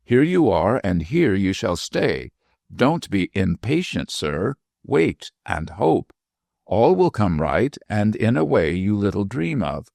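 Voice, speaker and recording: A man voicing a tiny, shrewd and mischievous old woman dwarf with a shrill, teasing manner in a storybook reading. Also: sing-song, takes it slowly, gravelly, dry recording, clean studio sound, full character voice. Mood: sly, scolding. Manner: sharp, teasing, whimsical.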